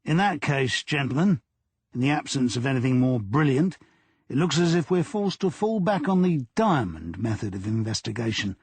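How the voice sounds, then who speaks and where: A man's voice: medium pitch, husky, dry recording, pitched above the performer's own voice. A man reading an audiobook, voicing a brusque, irritable middle-aged detective boss with a South London accent.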